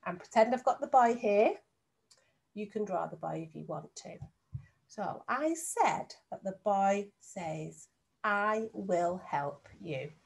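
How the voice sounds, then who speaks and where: A woman teacher records a lesson at home for young children. She speaks slowly and deliberately, breaking words into syllables, at a middle pitch. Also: expressive, darkish tone. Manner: slow, clear, sounding out words for young children. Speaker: primary school teacher.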